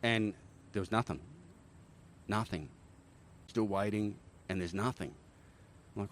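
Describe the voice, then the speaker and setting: A middle-aged Australian man, a former army helicopter pilot, telling animated stories in a casual interview, often checking in with "right?". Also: on the low side, normal speed, a little hiss or hum. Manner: animated war-story telling, frequent "right?" tags.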